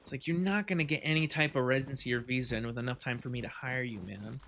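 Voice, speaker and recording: A man's voice: mid-range voice, quick pace, creaky, fairly bright tone, slight background noise. A man hosting a podcast while gaming, chatting casually and rambling, with a lot of swearing and laughter. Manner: rambling, profane, laughing often. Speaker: podcast host.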